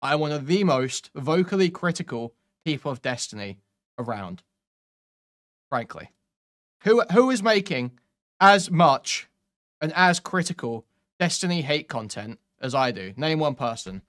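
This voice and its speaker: A man's voice: mid-range voice, fairly bright tone. A man commenting on clips during a stream, sarcastic and mocking, swearing often.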